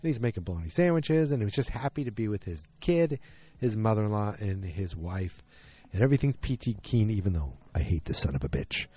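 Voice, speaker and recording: Brief: male podcast host, lower voice, mellow tone, casual rambling recap full of ums. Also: very animated, brisk, husky. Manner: rambling, many fillers and restarts. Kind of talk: casual solo episode recap.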